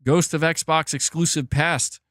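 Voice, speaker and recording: A man chatting casually on a live stream about gaming news, animated and slangy, laughing often and restarting his sentences. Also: on the high side, measured pace, no echo, studio quality.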